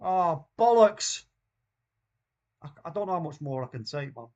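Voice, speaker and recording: A man with a Mancunian accent hosting a live football watchalong, reacting loudly and excitedly to the play. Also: on the high side, rapid-fire, highs cut off. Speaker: watchalong host.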